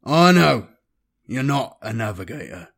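A man's voice: medium pitch, very animated, measured pace, creaky, fairly bright tone, slightly rough, exaggerated voice. A man voicing a seasoned, cynical male space traveller who talks in an amused drawl, in a science-fiction audiobook. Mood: dry.

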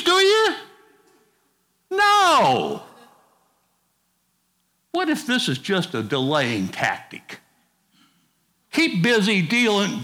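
A man's voice: high voice, sharp tone. A middle-aged male pastor preaching a sermon in a folksy, conversational way, with casual asides to the congregation.

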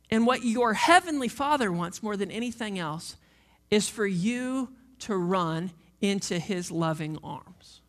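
Pastor guy in his 30s preaching, kinda high voice, goes big then drops way down soft, repeats lines for punch. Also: animated, measured pace. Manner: impassioned, swings from loud to hushed near-whispers; repetitive, emphatic preaching cadence. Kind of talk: sermon.

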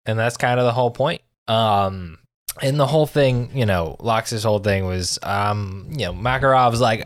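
A young man co-hosting a podcast, recapping and judging an anime in animated, swearing casual talk. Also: on the low side, normal speed, no room sound. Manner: animated storytelling, swears, laughs often.

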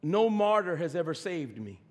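A man preaching a sermon as pastor, swinging from shouting to near whisper. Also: on the high side, sing-song, moderate pace, in a large hall.

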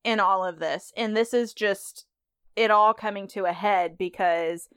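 A woman's voice: mid-range voice, a little slow, a bit bright, clean tone, no room sound, studio quality. A woman podcast host giving a chatty, conversational recap of a TV episode.

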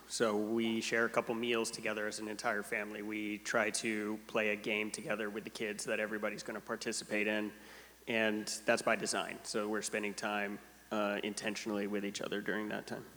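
Low, flat-voiced father on a panel. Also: a little fast, big-room sound. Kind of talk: casual church panel answer.

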